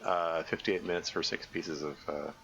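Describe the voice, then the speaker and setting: Steady and sharp in tone, a low male voice moves at a moderate pace while loosely commenting on a survival game in a live stream. His talk rambles, and he often corrects himself and stammers as he starts sentences over. Faint noise sits under a slightly dull lo-fi mic recording.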